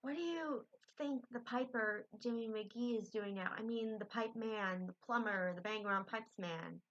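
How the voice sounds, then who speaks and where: A woman reading a storybook aloud, voicing a curious, chatty young girl in a soft, wondering way. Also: a little high, animated, slow pace, slightly rough, heavily acted. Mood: hushed. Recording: dull lo-fi recording.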